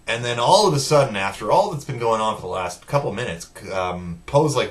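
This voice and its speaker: Sitting far from the mic, a film reviewer gives a casual spoiler recap, walking through the movie scene by scene with plenty of profanity. His medium-pitched voice moves fairly quickly with few pauses as he acts out the characters' lines.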